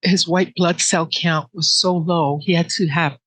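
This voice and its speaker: Halting, emotional woman. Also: lowish voice, fairly even intonation, dry recording, poor audio. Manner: earnest, halting storytelling with restarts; soft and emotional, close to tears. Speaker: interviewee. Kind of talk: personal grief story in an interview.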